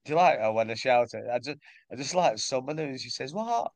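A man with a Northern English accent talking casually on a podcast, joking crudely and laughing a lot. His voice sits at an ordinary pitch, and the recording is close and dry, with no room sound. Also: fast talker, no echo. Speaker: podcast co-host. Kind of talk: casual chat.

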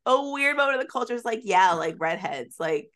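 A woman's voice: a little high, animated, brisk, fairly bright tone. A woman co-hosting a podcast, recapping a show in casual, laughing chat full of swearing and fillers. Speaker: podcast co-host.

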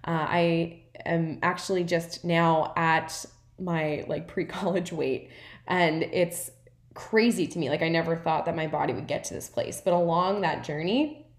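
Her voice fairly low and fairly even, speaking a little slowly, a woman who works as a wellness coach muses casually on her podcast. She's earnest and encouraging, leaning on frequent "like"s and "right?" tags, and the room adds a noticeable echo.

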